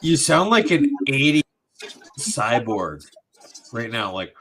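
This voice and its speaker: Male co-host, bright forceful voice, wisecracking and teasing. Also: mid-range voice, sing-song, takes it slowly, a little hiss or hum, rough recording. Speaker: livestream co-host. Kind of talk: casual livestream chat.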